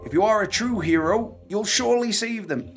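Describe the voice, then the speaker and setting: Desperate village farmers with a Northern English accent, voiced by a man reading a game aloud. The voice is pitched well above his own and pleads. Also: normal speed, music in the background. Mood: pleading.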